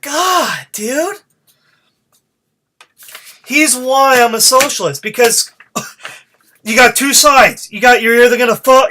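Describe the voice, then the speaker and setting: Fired-up ranting man with a bright voice. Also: extremely high pitch. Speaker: podcast host. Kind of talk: solo podcast rant.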